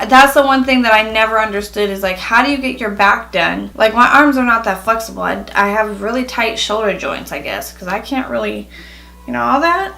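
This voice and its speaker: Chatty young woman with bright, gravelly voice. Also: on the high side, rough recording. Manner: chatty, frequent "like" fillers. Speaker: beauty vlogger. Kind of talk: casual product review vlog.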